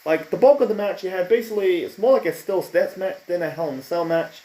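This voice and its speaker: Man, fairly high voice, mellow tone, rambling opinionated review, echoey room. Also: quick pace. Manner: rambling and opinionated, many fillers and restarts. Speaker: wrestling show reviewer. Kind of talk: casual spoken review.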